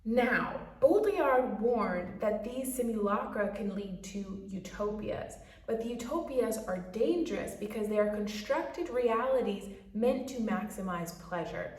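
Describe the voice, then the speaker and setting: A woman's voice: a little high, animated, a little slow, hardly any pauses, darkish tone, distant mic. A woman giving a casual explainer commentary in a chatty way, with playful asides and rhetorical questions. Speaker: video essayist. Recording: roomy echo, a bit off-mic.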